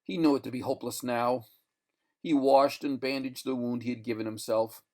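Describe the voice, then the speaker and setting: A man reading a short story aloud in a deliberate, expressive narration. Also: mid-range voice. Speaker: reader. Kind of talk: audiobook narration.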